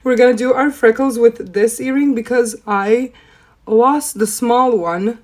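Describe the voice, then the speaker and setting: A young woman with a hoarse, rough voice from a cold, chatting playfully through a makeup tutorial. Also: a little slow. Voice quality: deep, rough voice. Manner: playful, self-mocking, chatty. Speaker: makeup vlogger. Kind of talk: casual makeup tutorial chat.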